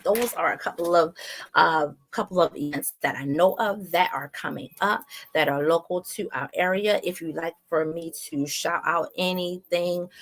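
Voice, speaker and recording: A woman's voice: low voice, vocal fry, a bit bright. A woman with a Baltimore accent hosting her own online show, chatty, laughing at herself and using many fillers. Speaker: online radio show host. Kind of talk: casual announcements to viewers.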